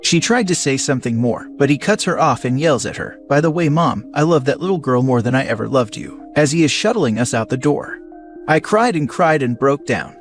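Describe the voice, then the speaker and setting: A man narrating a first-person story in an even, conversational reading style. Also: mid-range voice. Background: faint music.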